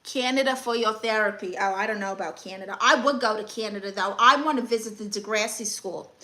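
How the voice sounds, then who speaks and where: A woman's voice: mid-range voice, fairly quick, sharp tone. A young woman comedian hosting a live stream, reading comments and handing out blunt, sassy advice.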